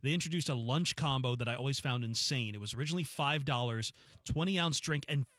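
A male co-host talks in an ordinary middle-pitched voice, laying out details in an easy, chatty way. He is recorded close and dry in the studio. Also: fast, a bit bright, no echo. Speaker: sports radio co-host. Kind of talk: casual studio banter.

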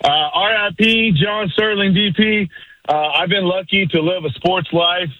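A man's voice: high-pitched, no room sound. A man calling in to a sports radio show, hyped and slangy. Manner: hyped, slangy, rapid-fire. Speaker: caller. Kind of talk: energetic call-in. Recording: muffled phone call.

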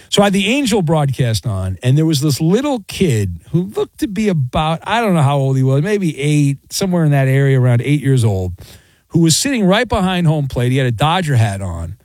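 A man's voice: fairly high pitch, no echo. A man hosting a sports talk radio show, chatting casually and telling stories with strong opinions. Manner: opinionated, chatty, animated storytelling. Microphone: studio microphone.

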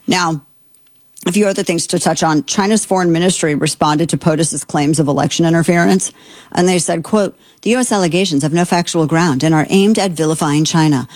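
A woman host delivers heated political commentary in a fairly low voice, indignant and exasperated, stumbling through fillers and restarts. Her voice sits close and dry, with no room sound around it. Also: fairly quick, darkish tone, no echo. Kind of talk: opinionated commentary.

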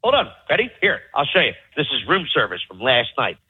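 A man's voice: mid-range voice, huge pitch swings, fairly quick, slightly rough. A man on vacation at a resort, ranting angrily and profanely about it to his podcast co-hosts. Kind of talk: angry ranting review. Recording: tinny phone-like call audio.

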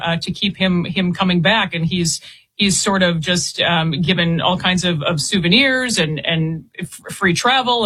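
Woman reporter as guest, bright but husky, halting answers with repeats. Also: lowish voice, rough recording. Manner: halting, repeats words while explaining. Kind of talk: interview guest.

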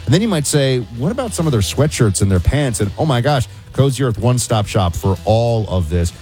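A man co-hosting a talk radio show, teasing his partner with quick jokes, and also reading ads. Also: medium pitch, very animated, warm tone, faint music behind. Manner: wisecracking, teasing. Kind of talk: talk radio banter and host-read ad.

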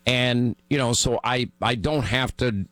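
Hoarse middle-aged talk radio host. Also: male voice, medium pitch, measured pace, fairly bright tone, no room sound. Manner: rambling, repetitive, self-mocking. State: hoarse from talking all day. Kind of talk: talk radio monologue and banter.

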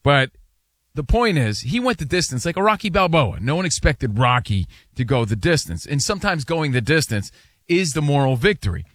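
A man's voice: on the high side, very animated, moderate pace, dry recording, clean studio sound. A man co-hosting a sports talk show, arguing his opinions with emphatic repetition. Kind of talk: casual sports debate.

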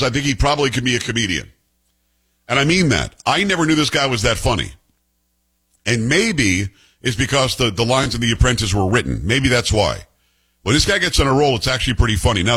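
A man's voice: medium pitch, a bit bright, slightly rough. A middle-aged man with a New York Italian-American accent, giving blunt, sarcastic political commentary as host. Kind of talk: opinionated commentary.

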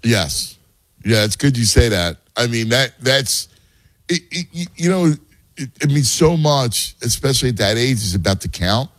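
A man's voice: medium pitch, animated, moderate pace, a bit bright, dry recording. A man who coaches youth baseball and has a son, chatting casually and explaining game strategy with many restarts. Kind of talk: casual podcast chat.

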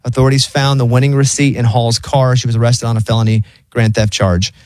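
A man's voice: medium pitch, little pitch movement, brisk, a little mellow, no room sound. A male radio host with a mid-range voice who reads news items and then jokes about them in a loose, chatty way. He sounds close and dry on a studio mic. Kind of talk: casual chat, reading news stories.

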